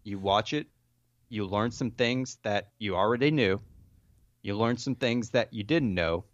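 Brief: young male co-host, lowish voice, dry wisecracks, dull lo-fi sound. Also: measured pace, no echo. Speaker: podcast co-host. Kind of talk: casual podcast chat.

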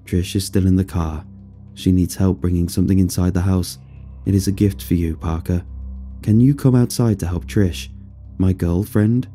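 A man voicing another man who talks in a flat, robotic monotone in a spoken horror story. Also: deep voice, moderate pace, faint music behind, lightly acted. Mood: flat, stiff.

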